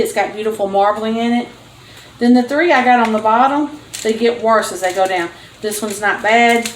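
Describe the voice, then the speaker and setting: A woman's voice: fairly high pitch, roomy sound, a little hiss or hum, rough recording. An older woman, hosting a home cooking vlog and chatting in a homey way as she cooks. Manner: chatty, homey storyteller, laughs often. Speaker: home cooking show host. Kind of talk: casual cooking vlog chat. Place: home kitchen.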